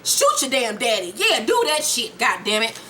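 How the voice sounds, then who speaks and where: A young woman casually recapping a TV episode, profane and animated, acting out the characters as she retells scenes. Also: on the high side, normal speed, slight background noise. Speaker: TV recap reviewer.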